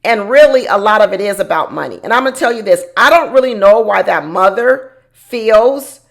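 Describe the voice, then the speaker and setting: A woman's voice: medium pitch, lively intonation, moderate pace, creaky. A woman hosting a casual reality TV recap, chatty and opinionated, talking straight to her viewers.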